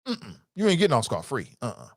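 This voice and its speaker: A middle-aged man hosting a talk show, reading viewer comments and answering them in an animated, emphatic way. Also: mid-range voice, dry recording, clean studio sound. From United States. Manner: animated, emphatic, drawn-out repetitions. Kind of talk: casual live-stream talk.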